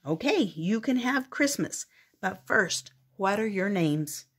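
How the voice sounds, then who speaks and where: A woman's voice: mid-range voice, expressive, takes it slowly, breathy edge. Older woman voicing a patient, brave young girl. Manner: firm, patient, explaining. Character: brave, kind young girl standing up to trolls.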